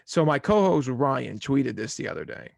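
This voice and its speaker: A man's voice: mid-range voice, sing-song, normal speed, vocal fry, no room sound, clean studio sound. A young man hosting a casual sports podcast, talking in an easygoing, rambling way. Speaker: podcast host.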